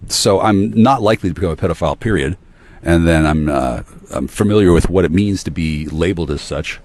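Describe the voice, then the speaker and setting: A man in a rambling solo monologue, ranting with heavy profanity and swinging between low muttering and sudden outbursts. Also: a little fast, darkish tone, slight background noise.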